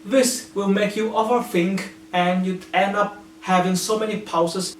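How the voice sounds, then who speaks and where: A man whose first language is Indonesian patiently explains tips for speaking English, with a fairly high voice. He sounds a little far from the mic in an echoey room, with a faint hum behind him. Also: flat delivery, unhurried. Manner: earnest, patient, gives examples. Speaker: English teacher. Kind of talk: explanatory lesson.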